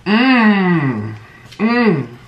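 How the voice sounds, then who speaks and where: A man's voice: high voice, drawn-out words, muffled recording. A man hosting a casual eating vlog, gushing and exclaiming over each bite. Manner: excitable, gushing, full of exclamations. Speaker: mukbang host. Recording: roomy echo.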